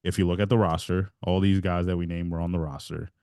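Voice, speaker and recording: Talking fast in a casual podcast chat, a male co-host tells a rambling tale, cutting himself off and laughing partway through sentences. His voice sits low with little pitch movement and a darkish, clear, resonant tone, recorded in studio quality with no room sound.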